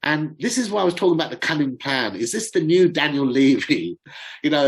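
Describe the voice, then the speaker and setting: A man's voice: fairly high pitch, sing-song, brisk, poor audio. Chatty middle-aged man rambling about football. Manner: chatty and rambling, fumbles for names. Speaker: fan channel host. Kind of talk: casual football commentary.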